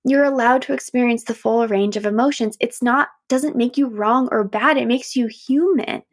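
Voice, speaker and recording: A woman's voice: a little high, moderate pace. A woman hosting a podcast, speaking reflectively and encouragingly about emotions, now and then acting out inner voices. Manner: gentle, warm-hearted, encouraging, acts out inner voices. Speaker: podcast host and coach. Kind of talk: reflective solo podcast talk.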